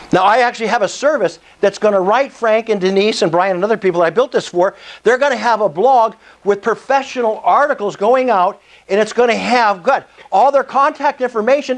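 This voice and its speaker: Excitable high-voiced salesman presenting. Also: rough recording. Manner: excitable, salesy, asks the room for approval. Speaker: meetup presenter. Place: meetup room.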